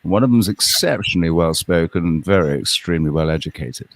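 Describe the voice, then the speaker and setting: A man's voice: deep voice, animated, fairly quick. A man on a live panel, teasing the others in casual chat with dry banter. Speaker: panel guest.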